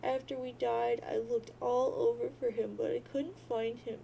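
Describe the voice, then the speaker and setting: A woman's voice: a little high, little pitch movement, creaky, dark tone, lo-fi sound, slight background noise. Jade, a woman doing a weeping teen girl. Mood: grieving. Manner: sobbing, wailing drawn-out boo-hoos. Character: grieving teen girl, weepy and lost.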